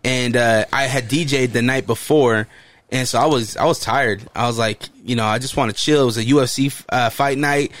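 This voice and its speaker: A man's voice: mid-range voice, steady tone, a little fast, a bit bright, no room sound. Easygoing man in casual podcast chat. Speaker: podcast co-host.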